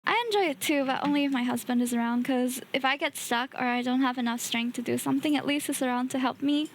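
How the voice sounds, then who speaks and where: A woman streamer chatting casually and easily while building a kit at her home desk, often laughing softly. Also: high voice, quick pace.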